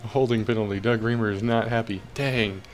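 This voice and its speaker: A man's voice: lowish voice, flat delivery, fast, slight background noise. A young man casually commentating his own football video game, cheering and groaning at the plays. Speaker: gaming commentator.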